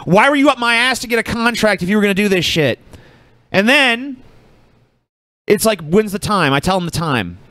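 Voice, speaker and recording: Podcast host, male, a little high-pitched, dry close sound, swears a lot while telling stories. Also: no echo. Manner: profane storytelling, animated quotes. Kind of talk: casual chat.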